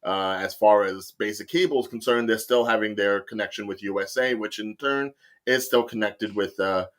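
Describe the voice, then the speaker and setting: A man's voice: fairly low pitch, moderate pace, fairly bright tone. Rambling male podcast host. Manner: rambling, lots of uh and like fillers. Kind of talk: casual podcast chat.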